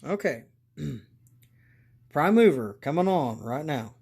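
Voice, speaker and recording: A man hosting a casual hobby review video, talking slowly and rambling, getting excited and calling out to his viewers as guys. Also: on the high side, vocal fry, noisy background. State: congested from allergies. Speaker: model railroad channel host.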